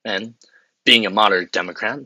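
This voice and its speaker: A flustered young campaign spokesman fumbles through his pitch in a comedy sketch, stumbling over bad examples and muttering asides. His voice sits low but rings bright and forceful, with a husky grain. The recording is dry and a little muffled. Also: a little fast, dry recording, heavily acted. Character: flustered male campaign spokesman, bumbling and awkward.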